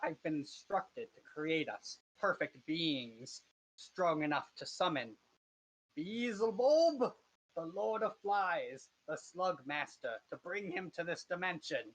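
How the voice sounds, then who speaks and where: A man's voice: on the high side, expressive, takes it slowly, a bit bright, exaggerated voice, rough recording. A man voicing a sinister male cult master who floats and glows, gloating in grandiose ritual speech.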